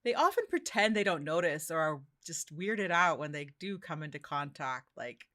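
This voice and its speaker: A woman from Finland hosts a relaxed interview with a friendly manner and an easy laugh. Her pitch moves a lot as she talks. Her tone is bright and clear. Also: normal speed. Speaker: host. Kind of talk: casual interview.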